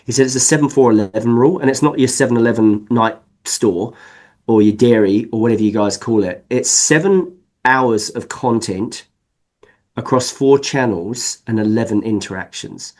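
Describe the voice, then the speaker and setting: A man from England whose accent has drifted toward New Zealand talks as a podcast guest. His voice sits at an ordinary middle pitch. He explains at length and leans hard on key words with animated emphasis. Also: normal speed. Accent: mixed English and New Zealand. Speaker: sales consultant guest. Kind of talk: podcast interview.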